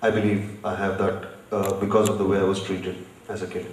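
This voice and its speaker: A man's voice: low voice, flat delivery, a little fast, a little hiss or hum. A man from India, speaking bluntly as an author and guest at a live festival session. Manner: blunt, storytelling. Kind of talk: live panel conversation. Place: festival session stage, large hall. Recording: echoey hall, distant mic.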